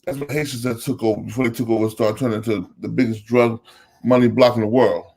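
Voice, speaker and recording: A man's voice: medium pitch, fairly even intonation, fast talker, gravelly, a little mellow. Host, man, New Jersey accent, emphatic casual monologue, lists names and repeats lines. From Elizabeth, New Jersey.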